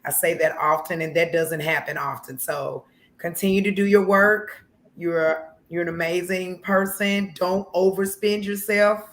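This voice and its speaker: A woman's voice: fairly low pitch, flat delivery, unhurried. A woman hosting a talk show, speaking to her guest in an affirming and encouraging way. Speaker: host. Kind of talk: casual chat.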